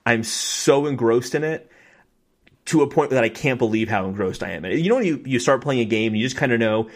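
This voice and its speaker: A young man co-hosting a podcast, telling stories in an excited, fast, casual way with many fillers and acted-out quotes. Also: medium pitch. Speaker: podcast co-host. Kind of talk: casual chat.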